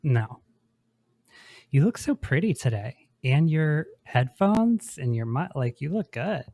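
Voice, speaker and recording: Man, casual podcast chat, slow pace, supportive, short replies, dry sound. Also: a little high, very animated, dark tone, dry recording. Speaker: podcast co-host.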